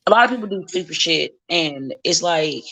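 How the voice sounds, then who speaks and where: A woman's voice: on the low side, animated, normal speed, sharp tone. A woman wrestler as a podcast guest, talking bluntly and profanely in casual chat and acting out the people she quotes.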